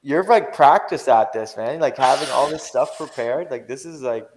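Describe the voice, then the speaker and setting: A man's voice: mid-range voice, normal speed, darkish tone, slight background noise. A young man talking as a podcast guest, rambling and slangy with lots of fillers and casual swearing.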